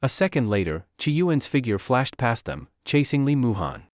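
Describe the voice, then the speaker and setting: A man narrating a scripted story recap in a brisk storytelling way. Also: mid-range voice, very animated, no echo, studio quality.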